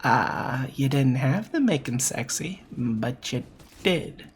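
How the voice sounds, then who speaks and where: Slow and expressive, a medium-pitched voice delivers a VTuber's opinionated monologue critiquing a game, with slight background noise present. The speaker repeats points for emphasis and frequently fixes sentences midway using filler words.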